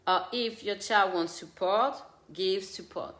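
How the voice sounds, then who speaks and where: A woman's voice: medium pitch, a little slow, hardly any pauses, bright, forceful tone. A woman who hosts a parenting show, giving earnest, direct advice to parents and mixing in her own stories. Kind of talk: casual advice talk. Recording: echoey room.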